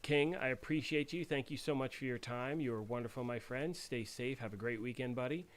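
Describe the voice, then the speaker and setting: A man with a medium-pitched voice talks a little fast while hosting a laid-back livestream. He rambles conversationally with lots of fillers, reads and answers chat, and clears his throat after choking on tea.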